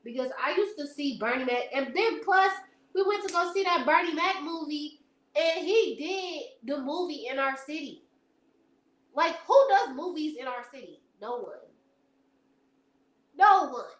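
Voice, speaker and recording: A chatty woman with a high, expressive voice hosts a live stream at normal speed, rambling through casual stories. She laughs often and calls her viewers "y'all," and the room sounds echoey.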